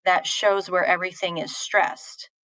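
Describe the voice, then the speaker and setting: A woman's voice: lowish voice, steady tone, unhurried, pushed and bright, no room sound, low-quality recording. A woman teacher giving a live online poetry lesson, answering chat questions in a patient, informal way with fillers and restarts.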